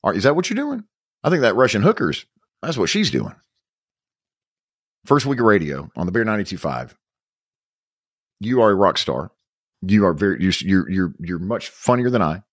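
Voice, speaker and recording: A man co-hosting a podcast in casual chat, quick and joking, cutting in with questions. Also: lowish voice, very animated, husky, no echo, clean studio sound. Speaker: podcast and radio host.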